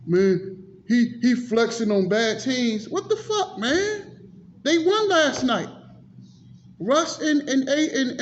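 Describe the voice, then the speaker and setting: A man with a very high voice delivers an exasperated, profanity-laced sports rant straight to the camera. His talk circles back on itself with heated repetition. The audio is dull and lo-fi, with a faint hiss underneath. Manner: frustrated, cursing, repetitive ranting. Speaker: sports vlogger. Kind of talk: ranting sports commentary.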